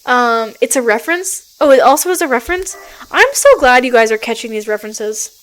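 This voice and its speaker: A woman streaming a story game, reading it aloud and reacting excitedly, often gasping and laughing at what she sees. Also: fairly high pitch, brisk, low-quality recording.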